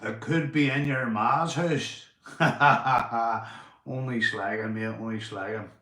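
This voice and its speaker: A Northern Irish man live-streaming from home, chatting casually, swearing and giving shout-outs to his viewers. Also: on the low side, moderate pace, roomy sound. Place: indoors at home.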